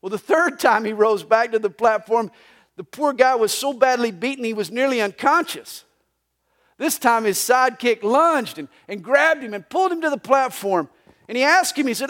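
High-voiced male pastor preaching. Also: animated, moderate pace, a bit bright. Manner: storytelling with jokes and anecdotes. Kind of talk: sermon. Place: church sanctuary during a live service.

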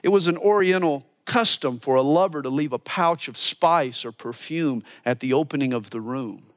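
A man preaching a sermon as a pastor, animated and earnest, dropping to hushed asides for emphasis. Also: on the high side, moderate pace. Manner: animated preaching, mimics voices for quotes.

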